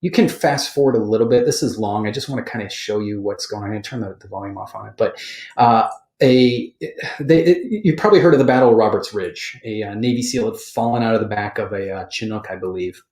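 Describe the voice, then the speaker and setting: Speaking quickly in a fairly low voice, a man from the Boston area of the USA hosts a casual podcast chat in an echoey room. He spins stories animatedly and laughs a lot.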